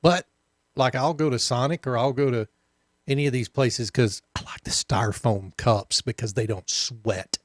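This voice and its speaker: A man from the Southern United States co-hosting a radio talk show, relaxed and wry, reading listener comments between banter. His voice sits at an ordinary middle pitch. It is recorded close and dry in the studio. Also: moderate pace, no room sound. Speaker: co-host. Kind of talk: casual chat.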